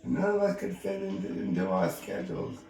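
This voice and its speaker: A man's voice: high voice, huge pitch swings, brisk, vocal fry, warm tone, recorded from a distance, pitched above the performer's own voice, full character voice. A man voicing an anxious, earnest teenage schoolgirl who speaks nervously and tremulously, in a very echoey room with faint music behind.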